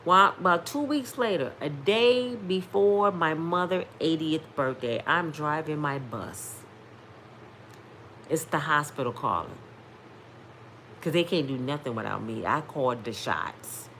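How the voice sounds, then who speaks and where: A woman's voice: low-pitched, lively intonation, a little slow, a bit bright, a little hiss or hum. Emphatic woman in her fifties telling a testimony. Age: 50s. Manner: emphatic, preacher-like, addresses viewers directly. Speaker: vlogger sharing testimony. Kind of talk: casual storytelling testimony.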